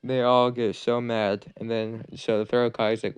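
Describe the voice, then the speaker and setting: A man's voice: medium pitch, little pitch movement, moderate pace, few pauses, smooth, no echo, dull audio. A man casually narrating a fan-made what-if anime story, rambling with fillers and restarts.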